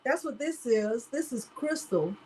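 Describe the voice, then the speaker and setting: A woman's voice: high voice, expressive, a little slow, dark tone, a little hiss or hum, rough recording. A woman hosting a live crafting tutorial, chatting casually and talking straight to her viewers. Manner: chatty, talks straight to viewers as "y'all", laughs often. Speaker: crafting livestream host.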